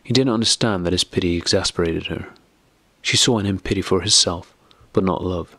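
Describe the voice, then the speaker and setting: A man narrating a classic novel as an audiobook, reading in a steady, measured way. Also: low voice, husky, no echo. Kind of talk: scripted narration.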